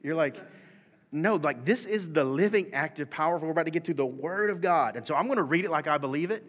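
A man in his thirties preaching a sermon, animated and swinging from soft talk to shouting. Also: on the high side, fast. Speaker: pastor. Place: church hall. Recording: long hall reverb.

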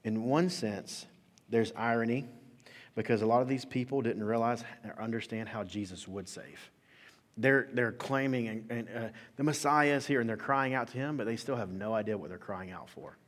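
A man preaching a sermon as pastor, in an animated, conversational way, acting out quotes. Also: fairly low pitch, normal speed, big-room sound.

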